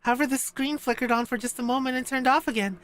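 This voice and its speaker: A man's voice: very high voice, fairly bright tone, voice pushed up. A man voicing an earnest, literal-minded young girl who stammers. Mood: worried. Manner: stammering, halting delivery.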